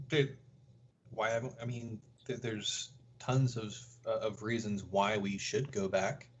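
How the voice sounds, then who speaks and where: Low-voiced man repeating a blunt question. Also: fairly even intonation, slow pace, highs cut off, a little hiss or hum. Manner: blunt, hesitant, repeats his one question. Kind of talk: casual chat.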